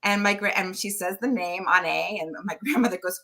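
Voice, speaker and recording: A middle-aged woman, a guest on an interview show, chatting loudly and laughing often as she tells stories. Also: medium pitch, normal speed. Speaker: guest, tarot reader and medium. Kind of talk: casual interview chat.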